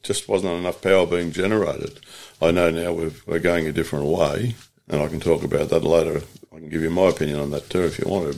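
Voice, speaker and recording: This is an older Australian man with a very deep, gravelly voice. He is a union organiser being interviewed, and he recalls his working years in a plain-spoken way, often stopping to correct himself. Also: darkish tone. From Latrobe Valley, Australia. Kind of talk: reflective interview storytelling.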